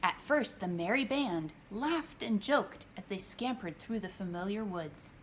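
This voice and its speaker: Woman narrator, storybook read-aloud, lively unhurried telling, faint hiss. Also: mid-range voice. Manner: expressive, gentle, unhurried. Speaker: picture book author reading aloud.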